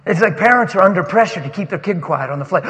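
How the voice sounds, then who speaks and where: A pastor giving an animated, emotional sermon that he breaks off to greet friends, recorded in a church sanctuary with a long reverb. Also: high voice, slight background noise. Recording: long reverb of a large hall.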